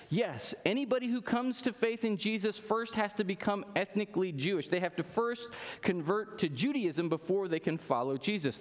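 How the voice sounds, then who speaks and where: A man's voice: high-pitched, big-room sound. A man preaching a Sunday sermon to a congregation, with emphatic delivery and frequent rhetorical "right?" asides. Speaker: pastor. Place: church sanctuary with congregation.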